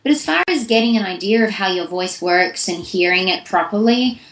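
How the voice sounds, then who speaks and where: A woman's voice: medium pitch, animated, moderate pace, a bit bright, reverberant, poor audio. A young woman, a voice actress, giving chatty, long-winded answers in a casual interview. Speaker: voice actress guest.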